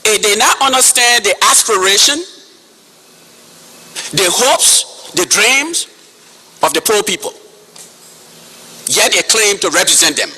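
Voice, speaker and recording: A man in his fifties with a Liberian accent giving impassioned public testimony, forceful and repeating key words for emphasis. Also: high-pitched, animated, takes it slowly, long pauses, slightly rough. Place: hall.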